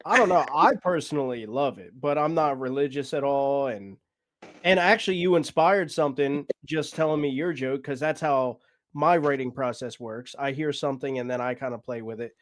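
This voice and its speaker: A man hosting a casual chat, asking relaxed, curious questions and reacting quickly. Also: medium pitch.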